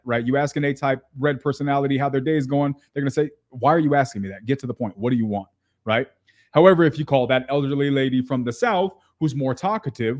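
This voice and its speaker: A man's voice: medium pitch, darkish tone. A man who is a guest on a podcast, explaining his ideas step by step in a conversational way. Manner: explains step by step, acts out quoted voices. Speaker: podcast guest, real estate investor. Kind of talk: casual interview chat.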